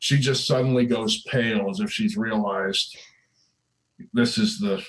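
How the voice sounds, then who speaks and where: A man's voice: lowish voice, steady tone, measured pace, rough recording. A man narrating as game master of a tabletop game, easygoing and chuckling between descriptions.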